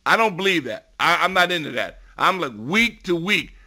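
Middle-aged guy on sports radio, super emphatic, bright punchy voice, gets loud on his points. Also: high voice, very animated, moderate pace. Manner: emphatic, builds to loud bursts. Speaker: guest football analyst.

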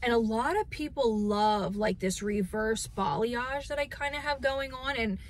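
A woman's voice: on the high side, unhurried, slight background noise. A woman vlogging in casual, rambling chat from her car, with many fillers and self-corrections. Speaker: beauty vlogger. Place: in a parked car.

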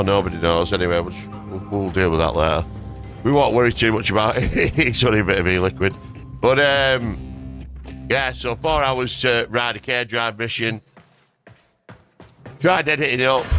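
Speaking into a dynamic desk mic at home, a young man delivers rambling, sweary, self-mocking commentary over his gameplay videos. His voice is fairly low in pitch with a fairly bright tone.

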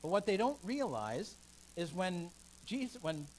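A man's voice: high-pitched, unhurried, a little hiss or hum, low-quality recording. A man, a pastor, leading a seminar in a church meeting room, teaching emphatically and taking questions. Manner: emphatic, animated teaching that takes listeners' questions.

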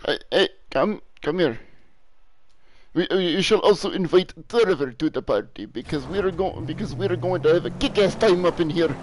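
High-voiced joking gaming streamer. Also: male voice, expressive, moderate pace, slight background noise, low-quality recording. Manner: rambling, jokey, swears freely. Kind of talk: casual live-stream commentary.

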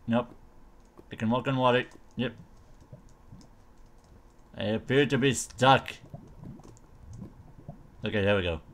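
Slow, goofy young man showing a game. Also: medium pitch. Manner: goofy, mumbling silly noises; unhurried, thinking aloud. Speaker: gamer showcasing a mod. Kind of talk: casual gameplay commentary.

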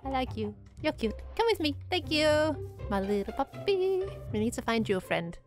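Female gameplay host, high lively voice, cutesy and excitable, music bed. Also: fast talker. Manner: bubbly, coos baby talk at animals. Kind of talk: casual gameplay commentary. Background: background music.

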